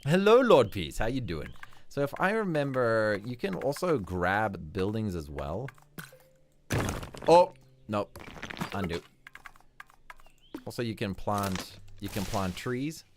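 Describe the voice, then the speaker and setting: Low, lively-voiced man streaming a game. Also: takes it slowly, long pauses, noisy background. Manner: upbeat, chuckles often. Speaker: livestream host. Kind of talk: casual gameplay commentary.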